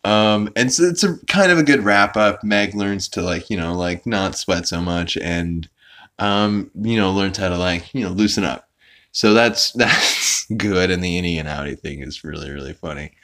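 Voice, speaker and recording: Man host, deep voice, rambling profane recap, lots of fillers. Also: normal speed, sharp tone. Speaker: podcast host. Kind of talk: casual episode recap.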